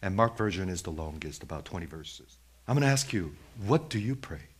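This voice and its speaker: A man's voice: low voice, lively intonation, a little fast, slightly rough. Emphatic male preacher. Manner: emphatic, repeats questions directly to listeners. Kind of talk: sermon.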